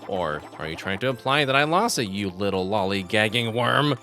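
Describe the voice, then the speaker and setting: A man's voice: on the low side, expressive, normal speed, pushed and bright, faint music behind. A man voicing a scheming, cruel old female witch from a game, sneering and berating. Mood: scornful. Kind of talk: reading game dialogue aloud.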